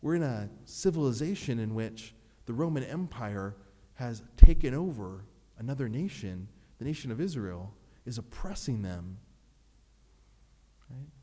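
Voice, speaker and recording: Mellow-voiced pastor in echoing hall. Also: male voice, medium pitch, measured pace. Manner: earnest, expressive, acts out prayers in his own voice. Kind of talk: sermon.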